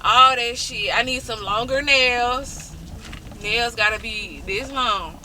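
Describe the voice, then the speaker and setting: A woman's voice: on the high side, slow pace. A young woman in a couple vlog, playing a brash, profane, demanding persona from inside a car. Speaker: vlog host, fiancée. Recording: loud road noise inside a car.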